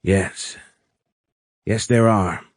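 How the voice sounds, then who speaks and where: A man's voice: lowish voice, steady tone, very slow, dry recording, studio quality. A man playing a grieving Air Force major, earnest and plain-spoken, in an audiobook. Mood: subdued.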